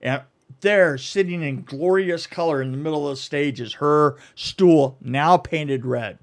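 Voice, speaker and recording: A man co-hosting a podcast, telling a long rambling story in casual chat, stumbling over words and laughing often. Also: on the high side. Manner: rambling, halting, laughs a lot. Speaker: podcast co-host.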